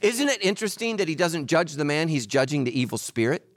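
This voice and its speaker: A male pastor delivers a sermon in a fairly high voice that rises and falls in wide, lively swings. He pushes some lines out loud and drops others to a hush. The sound is dry and close, with no room echo. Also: fairly quick. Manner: animated preaching, swings between loud and hushed.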